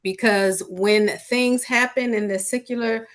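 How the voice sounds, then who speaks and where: A woman on a video call, speaking in a measured, reflective way. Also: fairly high pitch, steady tone. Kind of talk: conversational affirmation.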